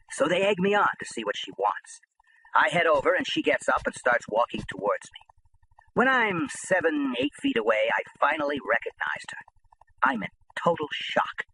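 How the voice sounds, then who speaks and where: A man reads a gritty first-person memoir aloud as an audiobook. His voice sits fairly high and bright, swinging widely in pitch as he tells the story with a tough, lively edge. A faint hiss lies under the reading. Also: gravelly, low-quality recording. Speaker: audiobook narrator.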